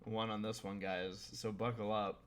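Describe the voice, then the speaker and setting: A man's voice: lowish voice, flat delivery, normal speed. Podcast host, male, thirties, loose and chatty, full of ums and restarts. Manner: rambling, chatty, lots of fillers and restarts. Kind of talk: casual podcast chat.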